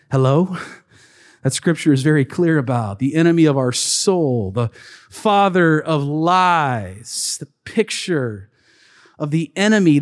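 Animated male pastor, high-pitched, preaching in a reverberant church hall; storytelling sermon with shouted peaks. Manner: animated storyteller, acts out quotes, bursts into shouts. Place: church sanctuary.

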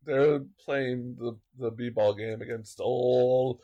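A man on a podcast who speaks in a dry, laid-back way. He takes his time, talking slowly in a voice of ordinary pitch. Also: fairly even intonation, mellow, highs cut off. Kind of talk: casual chat.

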